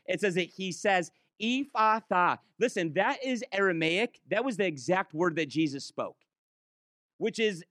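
A man preaching a sermon in church, impassioned, swinging between quick urging runs and slow, drawn-out emphasis. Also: high voice, a bit bright, no room sound, studio quality.

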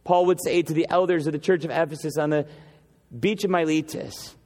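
A male pastor with a high-pitched voice delivers an impassioned sermon in a church sanctuary. He stacks repeated phrases and slows right down to land each point. The long reverb of the hall rings behind every phrase. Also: fairly even intonation, a little mellow. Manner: impassioned preaching with repetition, slowing for emphasis.

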